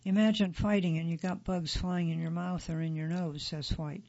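High, gravelly male article narrator. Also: steady tone, moderate pace, a little mellow, lo-fi sound. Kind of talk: scripted narration of a magazine feature.

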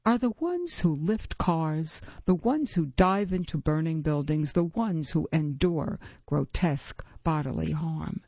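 A woman reading as a dragon lady lecturing a class of women, slow and dry with a mocking edge, the voice rough and gravelly, a bit husky, dull lo-fi sound. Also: expressive, mellow, no room sound, heavily acted. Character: cold, amused dragon woman teaching a class. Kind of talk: audiobook reading. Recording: dull, low-fi recording.

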